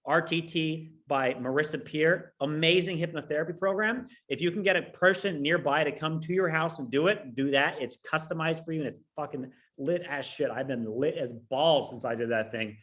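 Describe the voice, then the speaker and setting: A man in his thirties from California, telling a personal story in a casual, profane, rambling way, on a low-quality recording. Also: moderate pace, few pauses, a bit bright. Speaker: online business coach.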